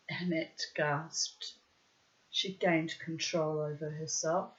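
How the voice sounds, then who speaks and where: A woman reading a story aloud as narrator, in a measured, even narrating voice. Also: on the low side. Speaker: audiobook narrator. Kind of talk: scripted narration. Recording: dull lo-fi recording.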